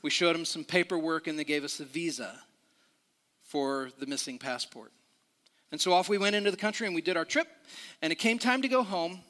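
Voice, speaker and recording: A man's voice: on the high side, fairly quick, pushed and bright, long reverb tail. A middle-aged man preaching a sermon in a church, talking conversationally with restarts and questions to the room. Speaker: pastor. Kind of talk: sermon with a personal story.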